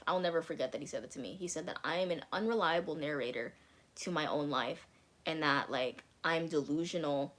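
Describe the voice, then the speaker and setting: A woman's voice: low voice, moderate pace. A young woman telling a personal story in casual vlog chat, candid, swearing freely and saying "like" a lot. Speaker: vlogger.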